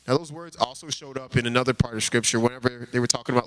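A man's voice: mid-range voice, steady tone, racing, hardly any pauses, fairly bright tone, poor audio. A man preaching an informal sermon, earnest and conversational, often slipping in casual fillers as he talks.

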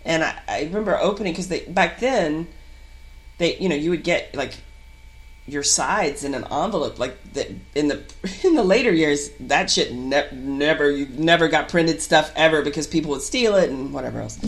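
Animated woman telling a story. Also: deep voice, moderate pace. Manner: animated storyteller, bursts of excited laughing. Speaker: guest actor. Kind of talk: casual podcast chat.

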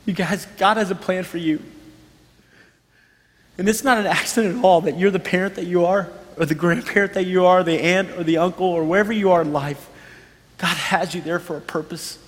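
A man's voice: high-pitched, steady tone, brisk, big-room sound. A man in his thirties, a pastor, preaching a sermon with earnest storytelling and emphatic repetition.

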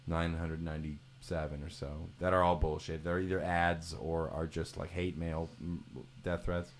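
A man's voice: sits low, steady tone, normal speed, hardly any pauses, a little hiss or hum. A man hosting a podcast, chatting casually and joking with mock-serious exaggeration. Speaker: podcast host.

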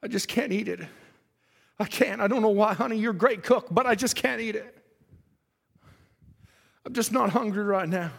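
A man's voice: high voice, normal speed, gravelly, pauses often, voice pushed down. Figure: a preacher acting out a desperate man hollering prayers. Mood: weary. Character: anguished praying middle-aged man, desperate.

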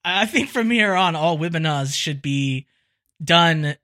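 A podcast co-host with a bright, sharp-edged voice. He chats casually, rambling through his stories with plenty of giggles. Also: fairly high pitch, unhurried. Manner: giggly, rambling, animated storyteller. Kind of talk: casual chat.

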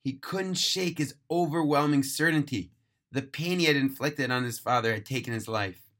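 Male storyteller, mid-pitched, bright and clear, dramatic read-aloud delivery. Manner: earnest, emphatic, slowing on key phrases. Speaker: narrator.

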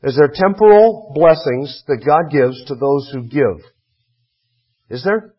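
A man's voice: fairly high pitch, slightly rough, highs cut off. A man preaching a sermon as pastor, earnest and emphatic, reading scripture aloud.

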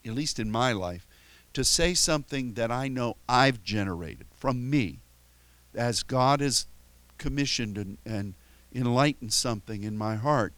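A man preaches in a relaxed, conversational way, often circling back and restarting his phrases. His voice sits at a middle pitch. The sound is dry and close, with no room echo. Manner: conversational, halting with frequent restarts; tells stories with chuckles and playful quoted voices. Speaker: pastor. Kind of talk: sermon.

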